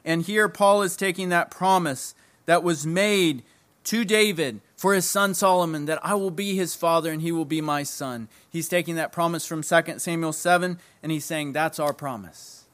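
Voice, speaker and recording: A man preaching a sermon, emphatic, repeating key phrases and dropping low at the ends of lines. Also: moderate pace, a bit bright.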